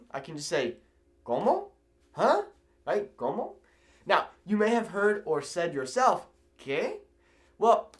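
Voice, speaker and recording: A man from California teaching a video language lesson, animated and repeating phrases slowly for learners. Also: fairly high pitch. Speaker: Spanish teacher.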